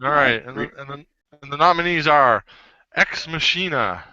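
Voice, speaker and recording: A man's voice: on the high side, lively intonation, moderate pace, bright, forceful tone, dry recording, lo-fi sound. A man co-hosting a casual podcast, reading out nominees and joking as he stumbles over the words. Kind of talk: casual chat.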